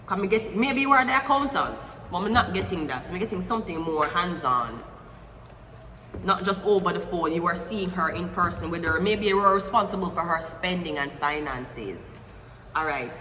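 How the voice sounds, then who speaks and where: A woman hosts a casual tarot reading, chatting and tossing in jokes as she turns the cards. Her voice is bright and forward. The room rings with a long echo over a faint hiss. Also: medium pitch. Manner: chatty, joking asides, slow deliberate affirmations. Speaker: psychic tarot reader.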